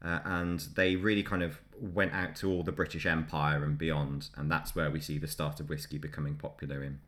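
Deep-voiced man chatting casually. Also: flat delivery, brisk, fairly bright tone. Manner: chatty, laughs often between facts. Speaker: podcast host. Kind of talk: casual history podcast chat.

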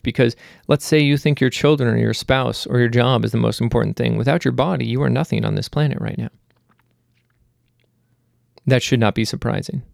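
A man's voice: mid-range voice, gravelly, a little mellow, dry recording, clean studio sound. A man hosting a casual monologue. He rambles with self-mocking jokes and then turns earnest and pleading. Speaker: host.

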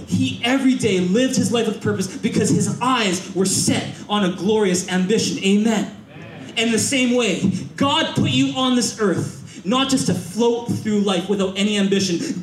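High-voiced male pastor preaching in an echoey hall. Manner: energetic, repetitive call-and-response preaching; switches to Mandarin phrases. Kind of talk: sermon. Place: church auditorium. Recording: echoey church auditorium.

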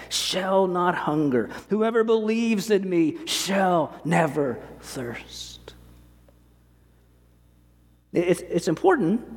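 A man preaching a sermon as pastor, slowing down to stress key words and often repeating words as he goes. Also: fairly high pitch, darkish tone. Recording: long hall reverb.

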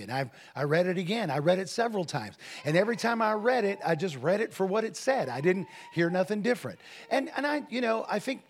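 A man preaching a sermon, moving from casual storytelling to fervent, drawn-out, shouted emphasis. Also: high-pitched, expressive. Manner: builds from conversational to shouted preaching.

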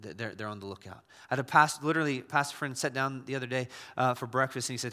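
A man's voice: mid-range voice, fast talker, sharp tone, big-room sound. A man preaching a sermon as a pastor, talking conversationally with frequent restarts and repeated words.

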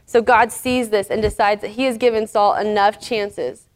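A woman's voice: mid-range voice, steady tone, normal speed. A woman teaching a casual Bible lesson, paraphrasing the story in a chatty way with fillers.

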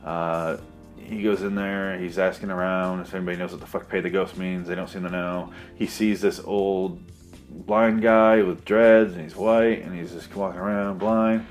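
A man's voice: deep voice, fairly even intonation, normal speed, faint music behind. A man giving a sarcastic, profane, rambling comedic recap of a movie plot.

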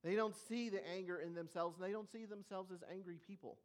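Earnest preacher with slow, weighty emphasis. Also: mid-range voice, steady tone. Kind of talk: sermon.

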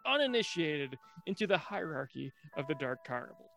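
A man's voice: fairly high pitch, sing-song, a little fast, vocal fry, a bit bright, faint music behind. A man co-hosting a comedy podcast with a dry, mock-formal, sarcastic delivery. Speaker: podcast co-host. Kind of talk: comedic casual chat.

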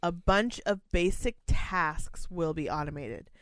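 A young woman who works in a care home and co-hosts a podcast chats casually, blunt and sarcastic, swearing freely. Her voice is on the low side and slow-paced, with no room sound.

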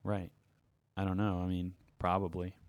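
A man's voice: sits low, monotone, moderate pace, dry recording. A young man hosting a music podcast, joking around and reading out listener comments in casual chat. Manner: jokey, playful, reads comments aloud. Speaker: podcast host.

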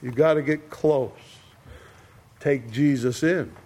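A man preaching a sermon, slow and deliberate, with long pauses between short phrases. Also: medium pitch, a little mellow.

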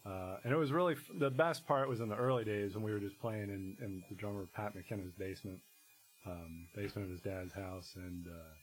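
A man, a musician guest in casual conversation, talking in a rambling, halting way full of restarts and fillers. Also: lowish voice, fairly even intonation, slight background noise, low-quality recording.

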